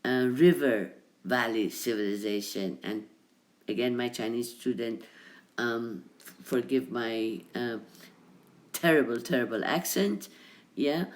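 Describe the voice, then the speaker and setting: A man's voice: medium pitch, slow, long pauses. A male history lecturer giving a recorded lecture, hesitant, with many ums and "right?" checks as he talks over slides. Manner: hesitant, full of ums and tag questions.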